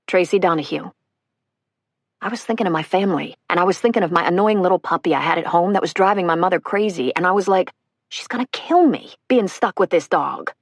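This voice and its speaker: A woman giving a steady first-person reading of a witness account for an audiobook. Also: lowish voice, fast talker, dry recording, clean studio sound. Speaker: audiobook reader.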